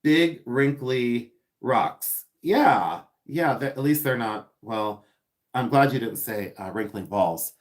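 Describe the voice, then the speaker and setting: Man, live-stream host, casual unboxing chat, giggly, playful, middle-pitched voice. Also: expressive, takes it slowly. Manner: chatty and giggly, reading viewer comments aloud; playful, repeats words for fun.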